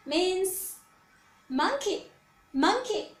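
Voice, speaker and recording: Slow, high-voiced woman drilling pinyin. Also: lively intonation. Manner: calls out syllables loudly, then quietly explains in English. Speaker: Chinese teacher. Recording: echoey room.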